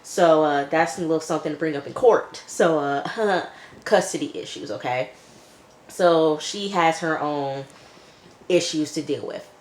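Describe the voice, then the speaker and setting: Low-voiced woman recapping a TV episode. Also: a little hiss or hum. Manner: chatty, loose retelling full of "like" and "you know". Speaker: TV episode reviewer. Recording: echoey room.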